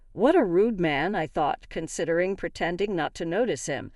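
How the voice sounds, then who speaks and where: A woman giving a scripted first-person story narration in a measured storytelling manner. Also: on the low side, lively intonation, a little mellow, no room sound, studio quality.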